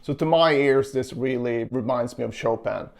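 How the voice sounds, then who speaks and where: A young man teaching a casual guitar lesson, explaining technique in a relaxed way and counting beats aloud. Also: medium pitch, normal speed, creaky. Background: guitar playing.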